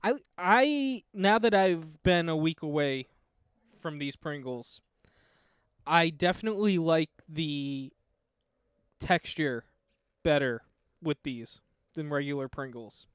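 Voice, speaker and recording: A man's voice: on the high side, takes it slowly, smooth, no echo, studio quality. Playful young man co-hosting a podcast. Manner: playful, teasing, jumps in with bits. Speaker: podcast co-host. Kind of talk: casual chat.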